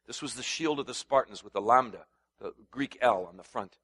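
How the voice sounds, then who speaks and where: Speaking fairly quickly in a slightly rough voice, a male pastor gives a sermon that starts conversationally, then rises in volume and pitch as he becomes stirred up, prompting the congregation to answer him.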